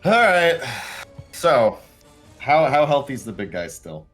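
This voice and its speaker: A man's voice: medium pitch, very animated, unhurried, a bit bright, soft background music. A man playing a tabletop game over a call, hesitant and self-deprecating, often restarting his sentences. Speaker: player. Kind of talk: casual tabletop play.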